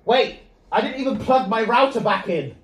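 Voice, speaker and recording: A man's voice: sits high, expressive, normal speed, husky. A man streaming from his room, ranting to chat in an exasperated, swearing way. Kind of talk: frustrated live-stream rant. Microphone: mobile phone held to face.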